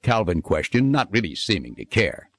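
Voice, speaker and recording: A man narrating a children's storybook in an expressive, sing-song reading manner. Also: fairly low pitch, normal speed.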